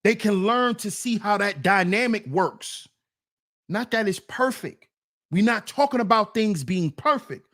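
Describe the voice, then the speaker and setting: Blunt, slow-talking male podcast host. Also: high voice, lively intonation, fairly bright tone. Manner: blunt, preachy, profane. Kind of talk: casual commentary.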